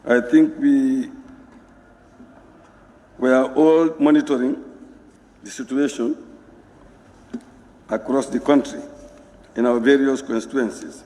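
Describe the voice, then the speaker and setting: A man addresses parliament slowly and formally, choosing each word with care. His voice is mellow and dark. The hall carries a long reverb around him. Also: mid-range voice, steady tone. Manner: measured, formal. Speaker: member of parliament. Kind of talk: parliamentary speech. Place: parliament chamber.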